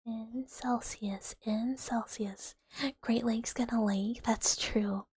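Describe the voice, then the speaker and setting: A young woman streaming as an ASMR host, chatting with viewers in a soft whispered role-play and rambling with fillers on a close microphone. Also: on the high side, steady tone, takes it slowly, breathy edge, dry recording. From United States. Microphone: close sensitive ASMR microphone. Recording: loud hiss under the whisper.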